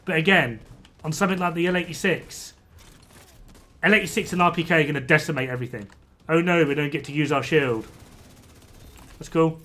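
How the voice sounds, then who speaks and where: Streamer guy ranting at chat, kinda high voice, swears a lot. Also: a little fast, pauses often, sharp tone. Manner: ranting, exasperated, swears freely. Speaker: game streamer. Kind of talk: casual gameplay commentary to chat.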